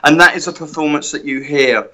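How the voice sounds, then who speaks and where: Bright-voiced man telling studio stories. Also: on the high side, fairly quick. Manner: animated anecdote-telling with many quoted voices. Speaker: guitar tech guest. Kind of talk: casual interview storytelling.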